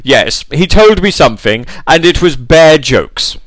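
Man doing posh gossip with slang, lively and high, mocking, dry sound. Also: measured pace, no echo, low-quality recording. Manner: exaggerated, mocking. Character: posh person using Essex reality-show slang.

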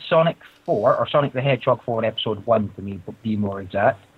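Husky man on a dull, lo-fi call. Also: fairly low pitch, lively intonation, brisk. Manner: playful, mock-grand phrasing. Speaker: quiz contestant. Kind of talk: casual group call chat.

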